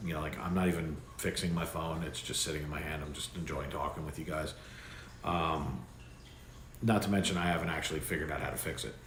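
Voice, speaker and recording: Rambling low-voiced male stream host. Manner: rambling, loose, with many fillers and restarts. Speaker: livestream host. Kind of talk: casual livestream chat. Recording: echoey room with faint background noise.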